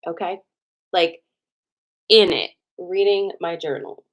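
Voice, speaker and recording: A woman host telling a personal story to viewers in a casual, animated way, with a lot of swearing and "like" fillers. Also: lowish voice, moderate pace.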